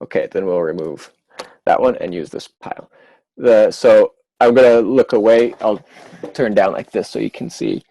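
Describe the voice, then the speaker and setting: A man's voice: on the low side, normal speed, dark tone, no room sound, rough recording. A man co-hosting a podcast over a video call, playful and explaining step by step. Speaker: podcast co-host.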